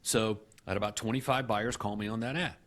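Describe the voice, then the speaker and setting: A middle-aged man speaking in a fairly low voice, recounting his past as an interview guest. He acts out old conversations with lively shifts and often restarts his sentences. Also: a little fast. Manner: animated storyteller who acts out past dialogue, with frequent restarts. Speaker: guest, real estate company CEO.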